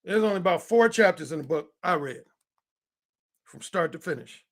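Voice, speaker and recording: A man's voice: sits high, animated, moderate pace. A man in his fifties, a dating coach, ranting in an emphatic and profane way. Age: 50s. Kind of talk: heated monologue.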